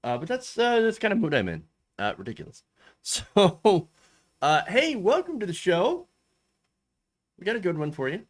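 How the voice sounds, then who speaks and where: A man's voice: high voice, wildly swooping pitch, normal speed, long pauses. Goofy self-mocking male host. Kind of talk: casual political commentary.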